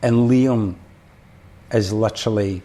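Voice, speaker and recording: A man's voice: lowish voice, fairly even intonation, slow, warm tone. A man with a Scottish accent, a podcast guest and former drummer, telling a rambling story full of restarts and fillers. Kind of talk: casual storytelling.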